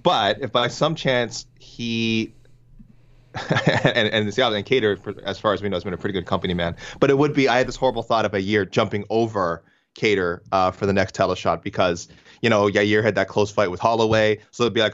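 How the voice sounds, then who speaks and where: A man's voice: on the low side, brisk, a bit bright. A man co-hosting a casual MMA talk show, rambling and thinking aloud with many restarts. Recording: dull lo-fi sound.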